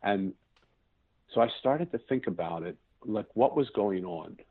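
Interview guest, male, 50s, low husky voice, earnest and searching, tinny phone-quality audio. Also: expressive, a little slow. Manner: earnest, searching for words, restarts sentences. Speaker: podcast guest. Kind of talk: reflective personal storytelling.

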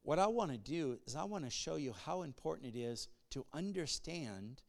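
A male pastor giving a sermon, moving between conversational asides and loud call-and-response bursts. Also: fairly high pitch, animated, moderate pace, vocal fry.

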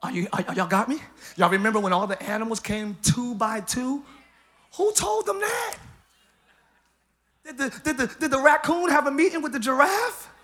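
A man preaching a live church sermon as pastor, joking with the congregation, hyped up and breaking into shouts and laughs. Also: very high voice, animated, moderate pace. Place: church service.

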